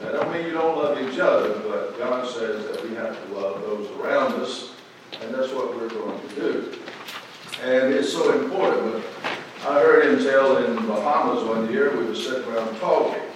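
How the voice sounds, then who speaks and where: A man's voice: medium pitch, normal speed. A man preaching a sermon as pastor, folksy and emphatic, with bursts of rising emphasis. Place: large church sanctuary. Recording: echoey hall from far off, room noise.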